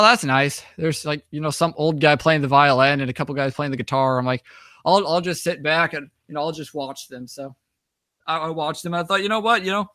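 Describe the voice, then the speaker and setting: Bright-voiced young man telling stories. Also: fairly high pitch, no echo, studio quality. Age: young adult. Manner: rambling, many restarts and "you know". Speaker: guest, author and traveler. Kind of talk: casual storytelling over slides.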